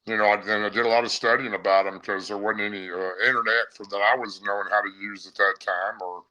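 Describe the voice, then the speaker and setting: A man's voice: fairly low pitch, steady tone, quick pace, sharp tone, low-quality recording. A middle-aged man, a guest on a podcast, telling a vivid first-person story in a rambling, casual way.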